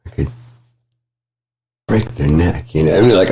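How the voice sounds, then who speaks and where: Low, husky man rambling gently. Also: unhurried. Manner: rambling, profane, chuckles often. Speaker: vlogger. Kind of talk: gentle casual monologue.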